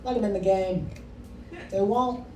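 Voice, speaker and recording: A male stand-up comic with a fairly high voice, swearing freely and needling the crowd. He sounds far from the mic in a reverberant room. A steady layer of noise sits under his set. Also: a little slow. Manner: brash, profane, teasing the audience. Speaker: stand-up comedian. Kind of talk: stand-up comedy with crowd work. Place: comedy club with a live audience. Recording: echoey room, distant mic, noisy.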